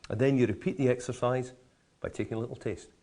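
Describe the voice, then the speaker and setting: A man's voice: mid-range voice, steady tone, quick pace, warm tone. A man teaching how to taste, enthusiastic and full of vivid comparisons and playful asides. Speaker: whisky educator. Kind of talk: explanatory tasting talk.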